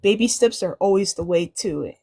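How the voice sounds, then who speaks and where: A woman's voice: mid-range voice, fairly quick, creaky, darkish tone, breathy edge. Earnest woman preaching about speaking up. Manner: earnest, preachy, repeats phrases for emphasis. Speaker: panel guest. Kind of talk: casual live-stream panel talk.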